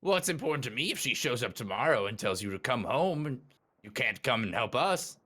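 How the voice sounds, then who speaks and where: Guy at a tabletop game, bright voice, pitch bouncing all over, chatty. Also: a little fast. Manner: lively, speaks in character and narrates own actions. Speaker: player. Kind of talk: tabletop role-play chat.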